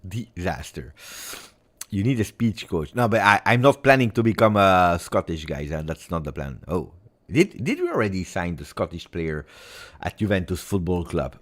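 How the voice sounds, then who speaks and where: A man's voice: low voice, lively intonation, moderate pace, a bit bright. A man hosting a fan channel, chatting casually on a livestream, rambling with fillers and self-corrections.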